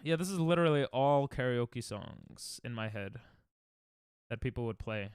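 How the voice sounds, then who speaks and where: A man's voice: mid-range voice, lively intonation, moderate pace, darkish tone, clear, resonant tone, dry recording, studio quality. A man streaming a speedrun, chatting casually and joking with chat, laughing often.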